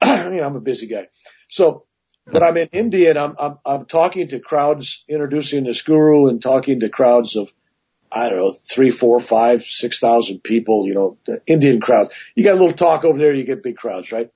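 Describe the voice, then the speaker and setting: A man's voice: mid-range voice, normal speed, breathy edge, muffled recording. A man telling long personal stories as a guest in a casual interview, with many asides. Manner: rambling, animated anecdotes with many "right?" asides.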